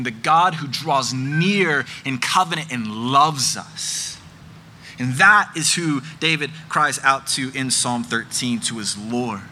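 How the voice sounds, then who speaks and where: A man's voice: on the high side, sharp tone. A man preaching a sermon, earnest and emphatic, repeating phrases for effect.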